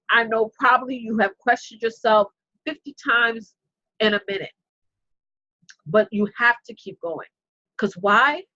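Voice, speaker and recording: A woman coach speaks in a fairly high voice, impassioned and preachy, repeating her lines for emphasis as she talks straight to her audience. The sound is dry and close, with no room around it. The recording itself is dull and lo-fi. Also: bright, forceful tone, dry recording. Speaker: business coach. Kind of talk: motivational live-stream talk.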